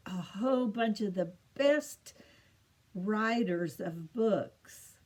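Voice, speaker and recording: Middle-aged woman, patient children's teacher, drawn-out sing-song delivery, mid-pitched. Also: a little mellow. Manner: slow and patient, repeats each capital in a sing-song lilt. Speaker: teacher of state capitals to children. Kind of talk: slow home-made lesson for children.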